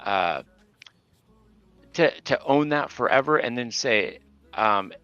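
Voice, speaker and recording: A man's voice: medium pitch, animated, slow pace, a bit bright, clear, resonant tone, dry recording, highs cut off, faint music behind. A man in casual conversation on a podcast, talking loosely with lots of fillers, restarts and swearing. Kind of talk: casual chat. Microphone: remote call mic.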